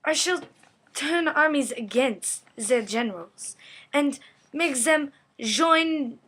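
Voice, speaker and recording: A scheming exiled emperor, played by a woman in a school history role-play, plotting in a deliberate way. The voice is fairly high and the pace is slow. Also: lively intonation, a bit bright, full character voice.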